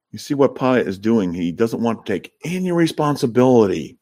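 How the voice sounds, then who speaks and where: A man's voice: mid-range voice, big pitch swings, brisk, few pauses, a little mellow. A man preaching a sermon as pastor, earnest and emphatic, lifting his voice when he acts out the crowds. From Canada.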